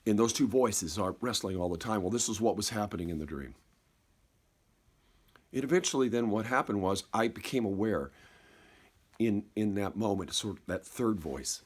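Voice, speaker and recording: A man telling a personal story in a slow, reflective way, halting and repeating words and dropping softer at key moments. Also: on the low side, expressive, slightly rough. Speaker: speaker.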